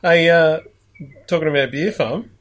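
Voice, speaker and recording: A man's voice: fairly high pitch, moderate pace, fairly bright tone. A man co-hosting a beer podcast, chatty and joking in casual conversation. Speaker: podcast co-host. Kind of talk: casual beer-tasting chat.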